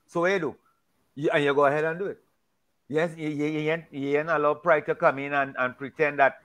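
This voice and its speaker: A man with a slightly higher than usual voice talks through a Bible discussion in a casual way. He speaks emphatically and preachily. He often restarts and repeats words as he goes. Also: fairly even intonation, a little fast, fairly bright tone.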